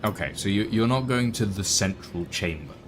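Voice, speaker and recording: A man narrating as game master in a tabletop game, with halting, filler-heavy delivery. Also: lowish voice, lively intonation, a little hiss or hum.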